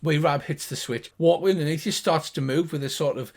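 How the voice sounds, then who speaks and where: An older man narrating as game master of a tabletop game, describing scenes in a relaxed storytelling way. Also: on the high side, fairly quick.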